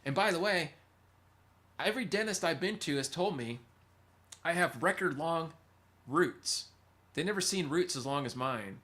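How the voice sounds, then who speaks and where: Lively bright-voiced male streamer. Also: fairly high pitch, a little slow, long pauses. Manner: rambling, sidetracked, reads and answers chat. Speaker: livestream host. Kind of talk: casual storytelling to chat.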